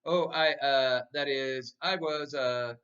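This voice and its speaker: A man's voice: mid-range voice, steady tone, takes it slowly, a bit bright, highs cut off. A man doing a doting older grandma. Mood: fond. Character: cheerful, doting grandmother, over 60.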